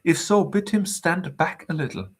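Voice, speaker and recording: Man reading a hearty, blustering gentleman. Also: fairly high pitch, animated, moderate pace, slightly rough, pitched above the performer's own voice. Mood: impatient.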